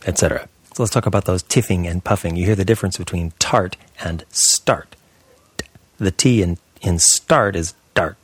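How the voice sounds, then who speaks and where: An American man in a casual monologue about pronunciation, repeating words slowly and sometimes dropping to a whisper to show a sound. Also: low-pitched, dry recording. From United States. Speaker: speaker explaining pronunciation.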